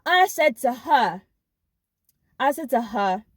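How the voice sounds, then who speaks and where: With a high, sing-song voice, this vlogger slowly tells of her school job, leaving long pauses. She's emphatic and speaks directly to her viewers. The sound is clean studio quality with no echo.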